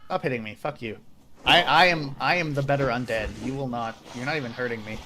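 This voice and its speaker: A man's voice: mid-range voice, fairly quick, lightly acted. A man voicing an arrogant, posh undead man in a put-on upper-class English accent, haughty and sneering. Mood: defiant.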